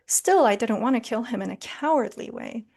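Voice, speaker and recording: A woman's voice: on the high side, animated, a little fast, vocal fry, darkish tone. A woman reading aloud the testimony of a proud, boastful male bandit from a story, lightly dramatized.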